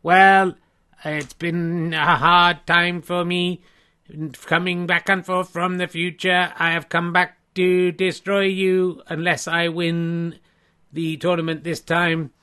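Guy doing a slow flat robot from the future, high and bright. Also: clean tone, exaggerated voice. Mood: deadpan. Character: male humanoid robot from the future, vengeful.

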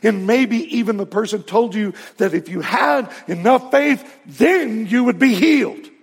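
A man's voice: sits high, lively intonation, measured pace, gravelly, breathy edge, in a large hall. A male pastor preaching a sermon earnestly, building to emphatic peaks.

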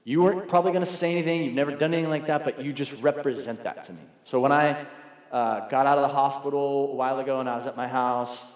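Male pastor, conversational storyteller, mid-pitched, big reverberant room. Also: fairly even intonation, quick pace. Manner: conversational storytelling, acts out quoted voices. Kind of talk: sermon. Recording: echoey hall.

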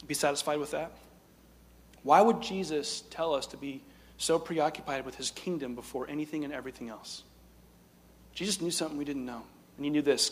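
A man preaching a sermon in a high, lifted voice. He swings between loud emphatic lines and quiet, hushed asides. His voice carries a long hall reverb. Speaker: pastor.

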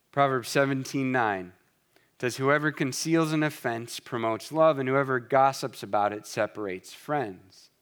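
Earnest man preaching with quick restarts. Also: medium pitch, fairly bright tone. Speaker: pastor. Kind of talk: sermon.

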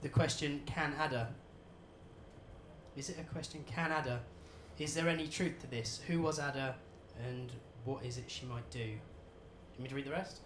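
A man's voice: medium pitch, moderate pace, reverberant, background noise. A man from England in a live audience, reading a submitted question aloud and stumbling over words. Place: comedy venue with live audience.

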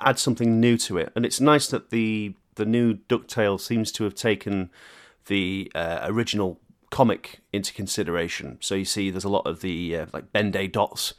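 Laughing, animated male podcast host. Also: on the low side. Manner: animated, laughs often, jokey asides. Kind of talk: casual chat.

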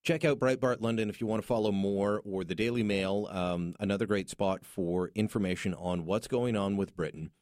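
A man's voice: lowish voice, moderate pace, hardly any pauses, a little mellow, no echo, clean studio sound. A man hosting a talk radio show, speaking in an opinionated, jokey, conversational way. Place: radio studio.

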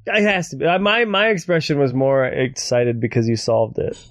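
A man's voice: medium pitch, sing-song, normal speed. A man joining a podcast as a guest in casual chat, agreeing readily and laughing often. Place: sitting on a couch indoors.

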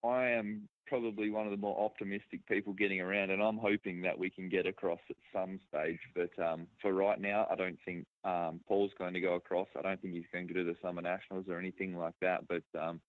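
A man's voice: low-pitched, flat delivery, a little fast, few pauses, no room sound. Laid-back Australian man on a tinny line. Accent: Western Australian. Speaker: guest. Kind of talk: casual remote interview.

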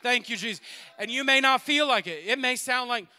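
A man preaching a sermon in a church, swinging between loud exhortation and quiet asides and laughing often. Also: very high voice, brisk, clean tone. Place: church sanctuary.

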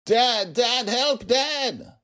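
A man voicing a terrified five-year-old girl who screams for her father in a shrill, panicked voice. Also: expressive, very slow, sharp tone, full character voice.

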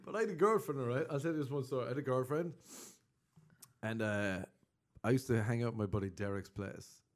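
A man's voice: mid-range voice, a little fast. A young Irish man in casual chat, telling stories with lots of laughter and casual swearing. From Ireland. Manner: animated storytelling, laughs a lot, swears casually.

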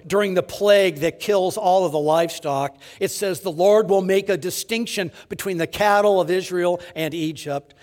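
A man delivers a sermon in a fairly high voice that climbs and falls with great liveliness. He pushes hard on key words, then sinks to hushed, almost whispered endings. He leans on rhetorical questions and repeats words for emphasis. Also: long reverb tail. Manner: animated preaching, rising to emphasis then dropping to near-whispers. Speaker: pastor.

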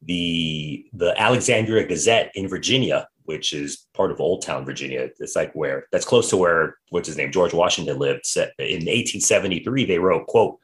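A man hosting a podcast, telling history in a casual, animated way and reading quotes aloud. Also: deep voice, normal speed, few pauses. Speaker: podcast host.

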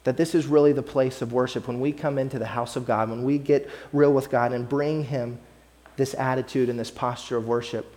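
Pastor, man, mid-pitched voice; earnest conversational sermon, repeats key phrases. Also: dark tone.

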